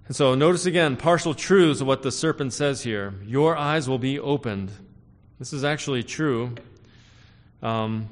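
A man preaching a sermon as pastor, explaining scripture with frequent "right?" and "okay?" check-ins and rising emphasis on key phrases. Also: long reverb tail. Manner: rises in pitch and volume to stress key phrases.

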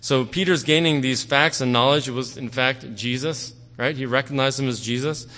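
A man's voice: medium pitch, moderate pace, pushed and bright. A man preaching a sermon in a conversational way, often checking in with "okay?" and "right?". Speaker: pastor. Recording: long hall reverb.

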